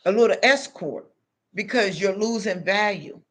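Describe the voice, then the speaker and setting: A woman with a medium-pitched voice at a normal pace offers spiritual advice in an unscripted, casual monologue. She's blunt and confrontational, packs her talk with street slang, and addresses the listener directly, tossing in lots of tags like "you know what I'm saying."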